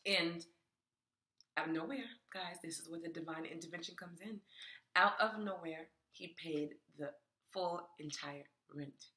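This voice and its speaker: A woman with a lowish, bright and forceful voice, telling a story to her viewers in a lively, chatty way. She calls them y'all and laughs often. Her voice rings around a room full of echo. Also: a little slow. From New York. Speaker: spiritual vlogger and tarot creator. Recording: echoey room.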